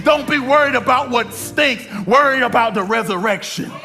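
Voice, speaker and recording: A man preaching an energetic sermon at a church service. He shouts, stretches his words for emphasis and speaks straight to the congregation. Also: very high-pitched, normal speed, creaky, over music. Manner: addresses the congregation directly. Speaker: pastor.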